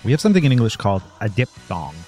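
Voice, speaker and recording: Playful male podcast host, lowish voice. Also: sing-song, rapid-fire, warm tone, soft background music. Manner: playful, breaks into mock regional voices. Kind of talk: casual podcast monologue.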